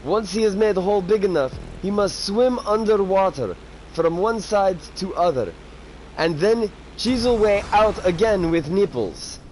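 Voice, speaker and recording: Guy putting on a silly mock foreign accent, bragging deadpan in broken english, highish voice that swings up and down. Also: a little slow, slight background noise, low-quality recording. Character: boastful man from a far-off land, broken English.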